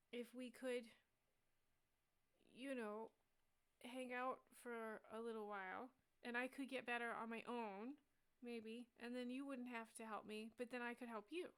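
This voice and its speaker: A woman voicing a very young, excitable female dragon who rambles on earnestly like a child. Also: fairly high pitch, smooth, lightly acted. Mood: shy.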